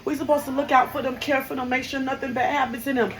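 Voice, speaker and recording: A woman's voice: high-pitched, level tone, quick pace, fairly bright tone, faint music behind, rough recording. A young woman who works as a hairstylist speaks in a raw, heartfelt way, her voice straining with grief. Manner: raw, heartfelt, breaking with emotion. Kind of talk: personal storytelling to camera.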